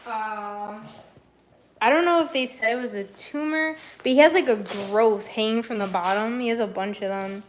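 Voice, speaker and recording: There's slight background noise as a young woman streams from her home, chatting casually with viewers at normal speed. Her voice is a little high; she laughs a lot and swears offhandedly.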